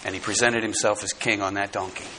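A man preaching a sermon to his congregation, dramatic, swinging from loud emphasis to hushed tones. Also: fairly low pitch, fairly even intonation, fast talker, a little hiss or hum, rough recording. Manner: speaks straight to the congregation.

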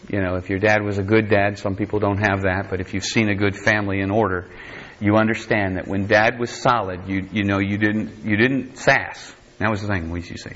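A man preaching a sermon, reading scripture and acting out quoted lines with folksy asides. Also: dull audio. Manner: animated, acts out quotes in higher voice, folksy asides.

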